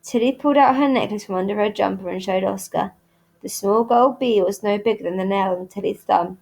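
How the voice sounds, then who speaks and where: A woman reading a children's novel aloud in clear, steady storytelling. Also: medium pitch, fairly quick. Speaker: reader at a school.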